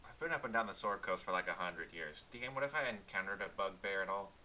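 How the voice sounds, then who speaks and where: A man's voice: low voice, expressive, fast talker, pushed and bright. A man playing a tabletop game and chatting playfully with the others. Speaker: player. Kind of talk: casual tabletop game chat.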